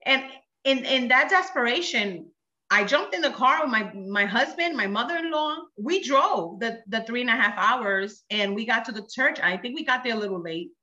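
A woman's voice: on the high side, lively intonation, moderate pace, pushed and bright, echoey room, dull audio. A woman giving a personal testimony in conversation, telling her story with emotion and acting out what others said. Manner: earnest, emotional storytelling with quoted speech.

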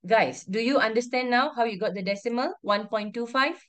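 A woman's voice: a little high, fairly quick. A woman teacher, teaching an online class over a video call, firmly repeating instructions and calling on pupils by name. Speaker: primary school teacher.

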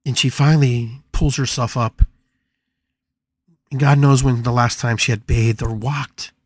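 A man's voice: medium pitch, steady tone, a little slow, slightly rough. A man hosting a spiritual podcast, telling a story with emphatic, dramatic repetition. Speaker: podcast host.

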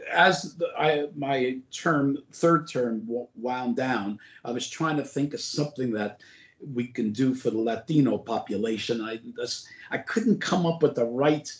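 An older man, once a borough president, spins long anecdotes, stumbling over his words and filling gaps with "uh". His voice sits at an ordinary pitch. The room around him adds a noticeable echo. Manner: rambling anecdotes full of "uh" and restarts. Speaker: former borough president, guest. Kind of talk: casual interview storytelling. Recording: roomy echo.

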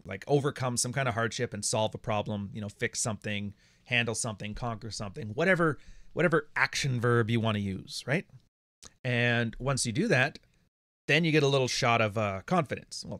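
A man's voice: mid-range voice, a little fast, a bit bright, dry recording. A man hosting a casual monologue from his home studio, blunt and profane, often laughing. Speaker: podcast host.

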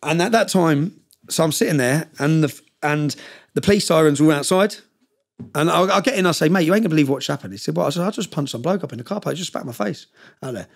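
A man telling a story as a guest on a podcast, rattling through it at a quick clip. His voice sits a little high for a man, and he drives each point home with emphatic tag questions. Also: lively intonation, gravelly. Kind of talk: storytelling in a casual interview.

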